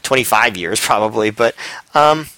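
A man's voice: lowish voice, expressive, normal speed, bright, forceful tone, dry recording. A man co-hosting a podcast, talking casually with many fillers and restarts. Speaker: podcast co-host. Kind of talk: casual chat.

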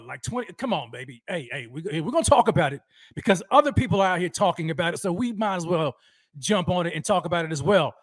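A man hosting a fan livestream, energetically shouting out viewers by name and talking about how fired up he is. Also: sits high, no echo, clean studio sound. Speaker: host of a fan livestream show. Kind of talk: energetic live-stream roll call.

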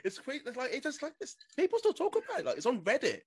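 A man's voice: very high-pitched, huge pitch swings, fast talker, husky, no room sound, studio quality. A man hosting a casual podcast interview with enthusiastic reactions and frequent laughs. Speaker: podcast host.

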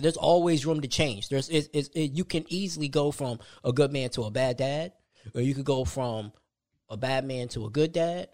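A man's voice: medium pitch, a little mellow, no echo, clean studio sound. A young man hosting a solo podcast, talking casually and conversationally, often restarting his sentences. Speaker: podcast host.

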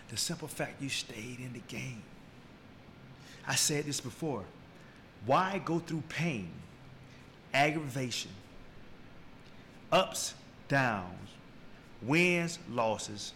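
A man hosting a podcast, giving a preachy motivational talk, repeating key lines and building from slow and low to loud and high. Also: slight background noise. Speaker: podcast host.

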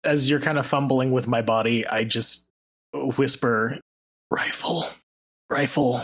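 A man playing a tabletop game narrates his character's moves and reacts excitably to the rolls. His voice sits at an ordinary pitch. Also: measured pace. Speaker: player. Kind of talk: casual tabletop play.

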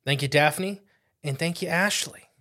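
A male podcast co-host talks casually, with a voice pitched a little high for a man. He rambles through announcements with frequent "uh"s and restarts. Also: a little slow, sharp tone.

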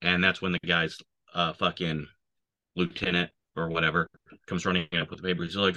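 Very deep, bright, cutting man, profane veteran storyteller. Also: level tone, fairly quick. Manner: profane, swears constantly. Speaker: army veteran. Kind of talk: casual war storytelling.

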